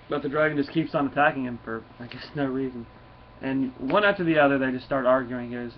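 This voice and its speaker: A man's voice: mid-range voice, quick pace. A man casually recapping a comic book, rambling with restarts and chuckles. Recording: dull lo-fi with faint noise.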